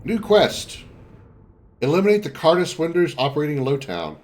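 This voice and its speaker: A man's voice: on the high side, sing-song, normal speed, a little mellow. A man livestreaming a video game, chatting casually and making wry remarks to his chat.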